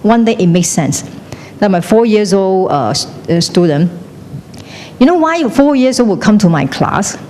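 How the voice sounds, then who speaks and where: With a warm, mid-range voice that swings widely in pitch, a middle-aged woman lectures at a normal pace. She keeps quizzing the class and switches between English and Chinese, in a room with long reverb and slight noise.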